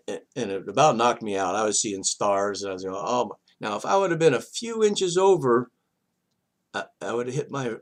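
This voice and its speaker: This older man's voice sits on the low side as he shares a personal anecdote for his vlog. He's relaxed and animated, wandering off topic and restarting his sentences in fits and starts.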